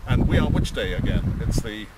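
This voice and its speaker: An English man gives a casual update from a vineyard, pausing on fillers and restarting his sentences. He stands well back from the mic, with loud wind and passing traffic behind him. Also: lowish voice, animated, distant mic. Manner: hesitant, many fillers and restarts. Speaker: vineyard host presenting. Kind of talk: casual outdoor video update. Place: outdoors in a vineyard.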